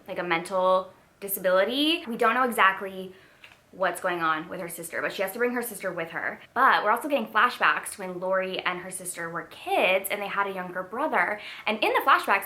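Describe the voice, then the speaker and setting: A young woman chatting about books in a lively vlog, with a bright, sharp voice. She talks expressively and animatedly, often trailing into fillers. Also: medium pitch. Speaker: book vlogger. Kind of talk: casual book review vlog.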